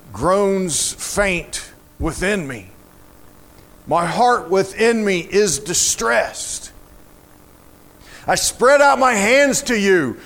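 Slow, fervent man with a high voice. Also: a bit bright. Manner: slow, fervent, rising to emotional emphasis. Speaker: preacher. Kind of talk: sermon with scripture reading.

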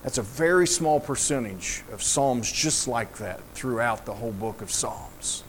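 A man preaching a sermon, reading scripture aloud in a slow, fervent way that rises to emotional emphasis. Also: medium pitch, a little hiss or hum.

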